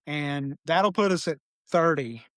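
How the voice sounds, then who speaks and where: A man chatting as a podcast guest in an easygoing, rambling way. His voice sits fairly high and sounds smooth and clear, recorded close and dry. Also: a little slow, a bit bright, no room sound. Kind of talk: casual interview chat.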